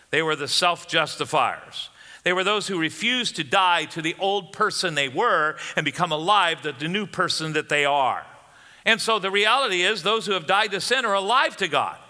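Pastor, male, high and very bright, emphatic sermon delivery, long church reverb. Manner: emphatic preaching, rising for questions.

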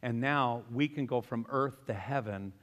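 A male pastor preaching a sermon, emphatic and animated as he tells a story. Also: mid-range voice, measured pace, long reverb tail.

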